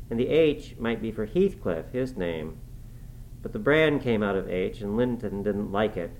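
A man with a rather low voice narrates an old novel in the first person, steady and measured. A faint background noise runs under the reading. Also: low-quality recording. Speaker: audiobook reader.

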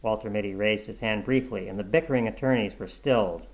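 A man narrating a short story aloud in a steady, measured storybook reading. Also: fairly low pitch, poor audio.

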